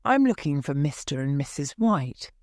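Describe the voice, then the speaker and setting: A woman's voice: deep voice, big pitch swings, normal speed, a little mellow, dry recording, studio quality. A woman voicing a solemn, well-dressed male stranger in a storybook reading for learners, with a plain, careful reading voice.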